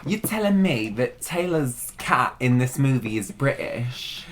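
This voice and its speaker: A guest on a podcast, trading playful, excitable reactions in casual chat. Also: mid-range voice, unhurried.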